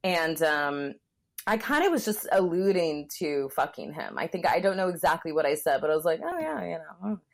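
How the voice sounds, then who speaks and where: Young woman, lowish voice, casual chat, frank, lots of fillers, acts out quotes. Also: lively intonation, moderate pace. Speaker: guest telling a story.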